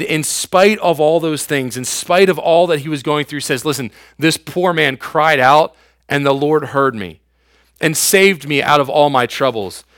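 A man's voice: on the high side, fairly bright tone, no room sound, clean studio sound. Casual slangy youth pastor man. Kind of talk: youth sermon.

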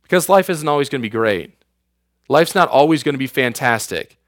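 A man's voice: mid-range voice, expressive, brisk, dry recording, studio quality. A man in his thirties preaching a youth sermon as youth pastor, casual and slangy, with everyday asides to his listeners.

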